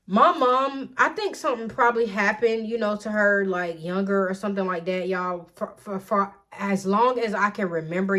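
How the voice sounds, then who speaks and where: A woman's voice: medium pitch, fairly bright tone. A young adult woman telling a personal story casually to her viewers, chatty and digressive, addressing them again and again. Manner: chatty, digressive, says "y'all" constantly. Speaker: storytime vlogger.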